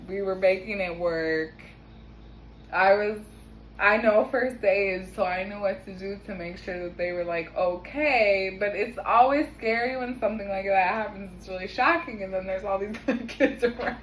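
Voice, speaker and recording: A woman's voice: mid-range voice, measured pace, fairly bright tone, a little hiss or hum, poor audio. Chatty laughing young woman. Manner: chatty, laughs often, swears casually. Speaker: vlogger. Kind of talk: casual storytelling. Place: home kitchen.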